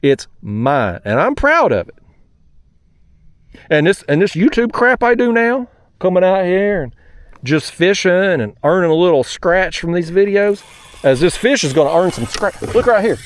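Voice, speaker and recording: A man's voice: high voice, expressive, moderate pace, no echo. A man hosting a fishing vlog, telling a story in a fired-up, profane rant while fishing outdoors from a kayak. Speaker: fishing channel host.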